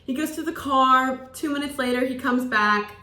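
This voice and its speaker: A young woman in her twenties tells a story in a loose, chatty way, filling her lines with "like". Her voice is bright and sits a little high. The room around her rings with echo. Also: moderate pace. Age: 20s. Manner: chatty, peppered with "like", acts out quoted lines. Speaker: college student. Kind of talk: casual storytelling. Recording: roomy echo.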